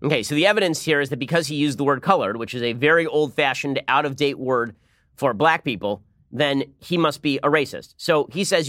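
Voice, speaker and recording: A man delivers political commentary in a rapid-fire, argumentative torrent. His voice sits a bit high, and his sarcasm cuts through constantly. The studio sound is dry and close. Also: expressive, fairly bright tone, no room sound.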